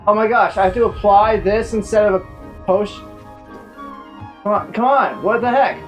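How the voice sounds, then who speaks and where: A woman's voice: mid-range voice, steady tone, moderate pace, soft background music, poor audio. A woman co-hosting a game stream, chatting playfully and joking about the game as she plays. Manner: jokey, slips into silly put-on voices. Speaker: streamer, co-host. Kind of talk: playful gaming stream chat.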